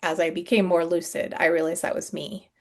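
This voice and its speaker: Earnest middle-aged woman, gravelly edge. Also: lowish voice, steady tone. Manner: earnest, halting, with frequent ums and soft sighs. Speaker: guest sharing her story. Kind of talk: candid podcast interview.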